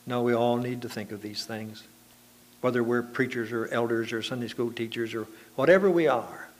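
A man's voice: medium pitch, fairly even intonation, normal speed. A man preaching a sermon to his congregation, telling homely anecdotes in a conversational, folksy way.

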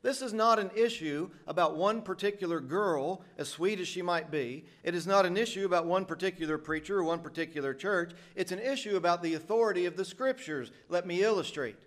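A man's voice: sits high, brisk, few pauses, a bit bright. A middle-aged man from the United States, preaching a sermon in an earnest, emphatic way.

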